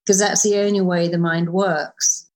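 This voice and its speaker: A middle-aged woman who is a therapist and author, speaking as an interview guest in an animated, emphatic way with quick asides. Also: on the low side. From United Kingdom. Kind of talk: conversational interview.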